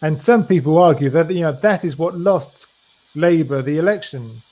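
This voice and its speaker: A man co-hosting a casual politics chat, speaking haltingly with many restarts and ums. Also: on the high side, animated, mellow, poor audio. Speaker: co-host.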